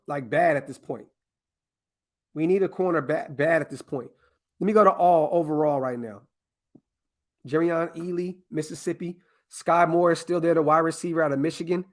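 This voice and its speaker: This podcast host speaks right to his live-stream audience while building a mock draft, cursing freely and sounding worked up. His pitch runs fairly high.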